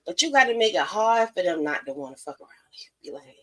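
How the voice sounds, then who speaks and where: A woman's voice: fairly low pitch, big pitch swings, fast talker, fairly bright tone, low-quality recording. Blunt, profane woman giving advice. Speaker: podcast host. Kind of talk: casual live-stream monologue.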